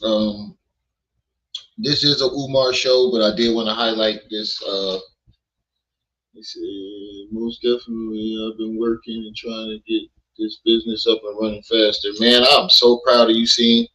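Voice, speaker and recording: A man's voice: on the low side, level tone, a little slow, pushed and bright, highs cut off. Man, stream host, casual, profane, joking, chatty. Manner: loose, joking, profane, talks to chat. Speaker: livestream host. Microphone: streaming mic.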